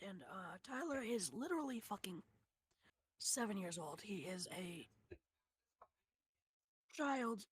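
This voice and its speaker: A woman's voice: fairly low pitch, husky. A woman livestreaming a game at her home computer, chatting casually with her audience, swearing freely and often dropping into whispered asides. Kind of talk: casual stream chat while gaming.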